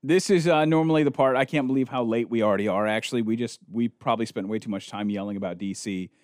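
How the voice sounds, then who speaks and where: A man co-hosting a podcast, ranting in animated casual chat. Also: medium pitch, fast talker, no room sound, clean studio sound. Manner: animated, ranting, mocks others in quoted voices. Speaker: podcast co-host.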